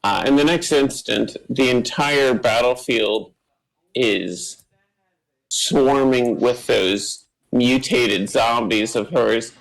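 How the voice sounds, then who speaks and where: A man narrating a tabletop game as game master, slow and full of fillers. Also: medium pitch, creaky, low-quality recording. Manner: slow, filler-heavy, meandering.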